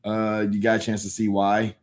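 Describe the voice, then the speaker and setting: Laid-back rambling male streamer, lowish voice. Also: monotone, moderate pace. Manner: rambling, laid-back, many fillers and restarts. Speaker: livestream host reading comics aloud. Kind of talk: casual livestream chat.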